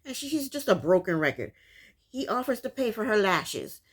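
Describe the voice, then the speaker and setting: A woman talks straight at her viewers, recapping a reality show with exasperation. Her voice sits in an ordinary middle pitch, and she rants loosely, stumbling over restarts as she goes. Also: big pitch swings, normal speed, husky. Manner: exasperated, opinionated ranting; loose, full of restarts and fillers. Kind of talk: casual commentary.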